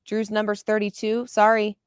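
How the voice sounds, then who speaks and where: A woman's voice: medium pitch, moderate pace, clean tone, no room sound, clean studio sound. Passionate woman sports podcast host. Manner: passionate, openly emotional; animated, repeats words when excited. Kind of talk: postgame basketball commentary.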